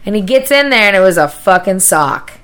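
Woman co-host, casual chat, bright lively voice, brash storyteller who swears. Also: medium pitch, a little fast. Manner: loud, laughing storyteller, swears freely. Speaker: podcast co-host.

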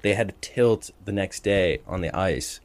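A young man co-hosting a podcast, telling an animated story with lots of laughter and acted-out quotes. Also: sits low, normal speed. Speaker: podcast co-host. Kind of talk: casual storytelling chat.

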